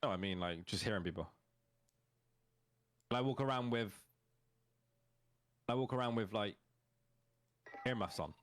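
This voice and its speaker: A man's voice: on the low side, moderate pace, pauses often. A man from the UK chatting casually during a game, blunt, teasing and opinionated. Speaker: streamer's friend. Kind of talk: casual gaming chat.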